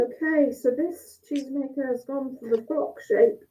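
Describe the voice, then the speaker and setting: A woman's voice: sits high, moderate pace, mellow, slight background noise. A woman judging cheese over a video call, chatty and thinking aloud as she tastes and cuts. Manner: chatty, thinks aloud while tasting and cutting. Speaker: cheese judge. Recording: tinny phone-like call audio.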